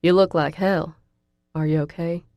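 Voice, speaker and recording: A woman's voice: on the low side, fairly even intonation, normal speed, gravelly, no echo, dull audio. A woman voicing a large, protective young college man who teases bluntly and speaks matter-of-factly, in an audiobook. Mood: teasing. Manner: blunt, teasing, matter-of-fact. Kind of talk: audiobook character voice.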